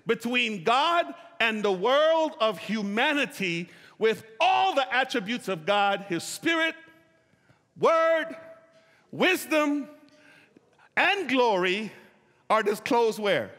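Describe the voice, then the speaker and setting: A male pastor with a very high, slightly bright voice preaches slowly, his pitch swinging widely. He stretches key words and calls on the congregation to echo his phrases back. The recording comes from a church sanctuary, where the hall's long reverb rings out.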